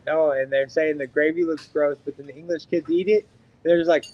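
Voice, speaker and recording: A man's voice: on the high side, little pitch movement, fast talker, highs cut off. Rambling, profane man on a podcast. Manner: rambling, profane, heavy on "like" fillers. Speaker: podcast co-host. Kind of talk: casual podcast chat.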